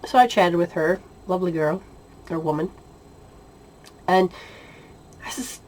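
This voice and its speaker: A woman casually telling a personal spiritual story, animated, often laughing and acting out the dialogue. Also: on the low side, unhurried, a little hiss or hum. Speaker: spiritual intuitive sharing experiences.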